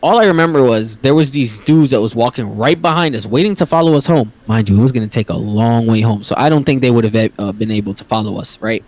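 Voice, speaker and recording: A young man from the Bronx casually telling a long story on a podcast, slangy, animated and acting out the voices of other people. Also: mid-range voice, fast, hardly any pauses. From the Bronx, New York. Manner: animated, slangy, acts out quoted voices loudly.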